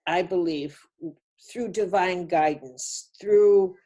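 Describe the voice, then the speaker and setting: Lady on a webinar telling a dream story, slow, halting, keeps restarting. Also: on the low side, dark tone. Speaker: webinar speaker. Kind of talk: personal storytelling.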